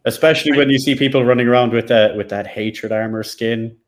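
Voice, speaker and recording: A man's voice: fairly even intonation, a little fast. Man co-hosting a gaming podcast. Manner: enthusiastic, acts out quotes with pitch jumps. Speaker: co-host. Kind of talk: casual podcast chat.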